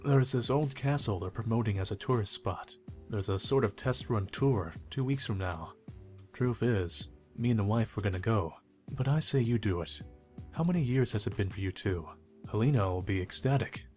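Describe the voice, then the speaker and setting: An actor playing a friendly middle-aged boss in a mystery game, genial and matter-of-fact. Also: male voice, on the low side, normal speed, darkish tone, soft background music, natural voice.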